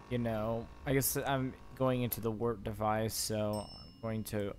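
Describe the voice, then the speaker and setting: A man's voice: on the low side, flat delivery, measured pace, hardly any pauses, a little mellow, faint music behind. A young man playing a video game, reading the on-screen questions aloud and reacting with exclamations. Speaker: gaming YouTuber. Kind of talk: let's play commentary.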